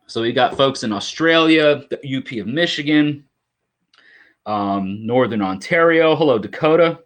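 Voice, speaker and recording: A young man hosting a relaxed live stream, reading out viewer comments and greeting people one by one. His voice sits at an ordinary middle pitch, and his talk is loose and rambling, full of fillers and restarts. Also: normal speed. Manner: chatty, greets viewers by name, many fillers. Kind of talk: casual live stream chat.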